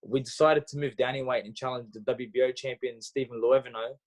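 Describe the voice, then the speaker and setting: Animated man telling stories. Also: mid-range voice, brisk. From Australia. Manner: animated storyteller, acts out dialogue, frequent fillers and restarts. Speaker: podcast guest, former boxer. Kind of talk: casual interview storytelling.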